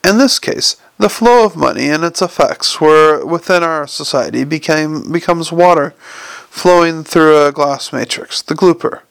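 A man's voice: a little high, a little slow, vocal fry, fairly bright tone, clean tone, no echo. A man doing an eager rambling inventor. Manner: enthusiastic lecturing, stumbling over words. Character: eager rambling male inventor, excitable and long-winded. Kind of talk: audiobook character voice.

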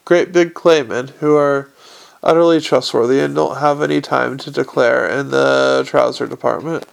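A man's voice: mid-range voice, fairly even intonation, normal speed, vocal fry. A man reading an audiobook, voicing a wry, guarded, charming young con man.

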